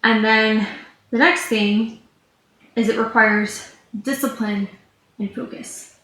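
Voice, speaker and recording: A woman's voice: fairly high pitch, fairly even intonation, slow pace, pushed and bright. A woman in her thirties, a business coach, telling a personal story to camera in a candid, rambling way with lots of "like" fillers. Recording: echoey room with faint background hum.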